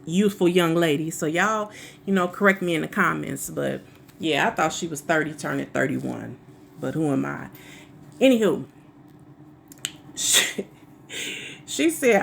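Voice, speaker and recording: A woman's voice: low voice, gravelly, a little hiss or hum. A woman hosting a commentary video, sassy and slangy, addressing her viewers as "y'all.". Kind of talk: casual reaction commentary.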